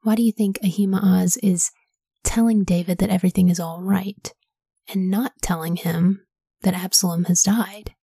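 A woman reads scripture in a breathy, mellow hush and stops often to pose gentle questions to her listeners. Her whispered Bible reading sits close and dry, with no room sound at all. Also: medium pitch, fairly even intonation, moderate pace, dry recording. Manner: soft, whispery, asks reflective questions. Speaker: Bible podcast host.

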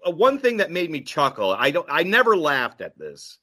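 A man hosting a podcast in casual chat, animated and quoting scenes in voices. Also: a little high, normal speed. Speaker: podcast host.

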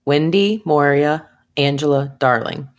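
A woman co-hosting a casual movie review podcast, animated and acting out lines from the film in jumpy voices. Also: deep voice, a little slow. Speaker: podcast co-host.

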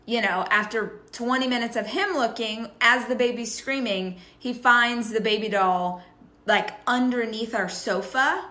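Bright thirties woman co-host, playful storyteller, echoey room. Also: medium pitch. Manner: animated storytelling, playful teasing. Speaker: podcast co-host. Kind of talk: casual chat.

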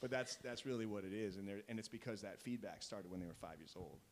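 A man's voice: on the low side, fast, a crowd in the background. A man in his thirties, a youth soccer coach, chatting casually and acting out quotes as he tells stories. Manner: animated storyteller, acts out quotes. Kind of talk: casual podcast chat.

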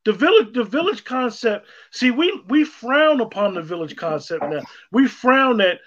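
Emphatic man, high voice, dull lo-fi sound, preachy co-host. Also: lively intonation, normal speed, a bit bright, a little hiss or hum. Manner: emphatic, preachy, repeats for stress. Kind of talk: casual online discussion.

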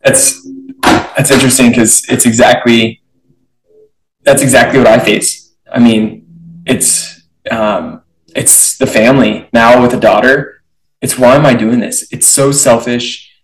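Young male podcast host, set back from the mic in a roomy space, lively and chatty. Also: medium pitch, unhurried, recorded from a distance, slight background noise. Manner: animated, chatty, acts out inner thoughts. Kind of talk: casual conversational interview.

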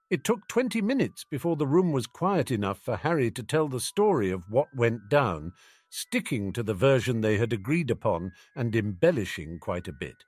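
A man narrating a fan-fiction audiobook in a wry, lively storytelling manner. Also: medium pitch, normal speed, dry recording. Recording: dry close recording with faint music.

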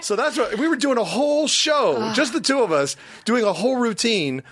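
Animated man with a worn voice. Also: normal speed, a crowd in the background. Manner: animated storyteller, lively pitch. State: losing his voice. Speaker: podcast co-host. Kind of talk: casual chat.

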